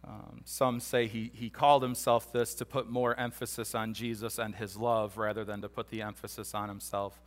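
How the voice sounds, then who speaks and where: A man's voice: fairly low pitch, moderate pace, few pauses. A man teaching a Bible passage in a casual, conversational sermon, animatedly acting out the disciples' voices in his retelling. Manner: casual, animated storytelling that acts out the disciples' voices, with repeated restarts. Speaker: pastor.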